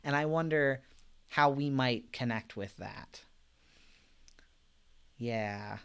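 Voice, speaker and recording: Taking it slowly, a man with a medium-pitched, gravelly voice and clean tone runs a live-streamed Bible study. He's gentle, reflective, and conversational, reading out viewer comments and often using fillers and soft laughter.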